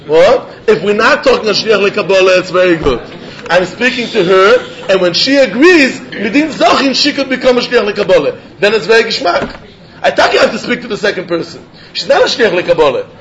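A man leads a Talmud study lesson in a high voice. He reasons out loud with animated energy, chuckling and stumbling over repeated words. The recording sounds muffled and lo-fi. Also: brisk. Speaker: Talmud teacher. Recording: dull lo-fi recording.

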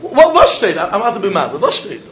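A man giving a Talmud lesson in a lively, questioning way, mixing Yiddish terms into his English. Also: high-pitched, brisk. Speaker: Talmud teacher. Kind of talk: yeshiva-style Talmud lesson. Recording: dull echoey room with faint noise.

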